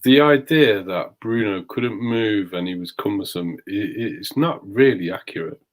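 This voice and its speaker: A man's voice: on the low side, moderate pace. A man co-hosting a boxing talk, firmly disagreeing and making his case. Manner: firm, argumentative. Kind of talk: casual boxing debate.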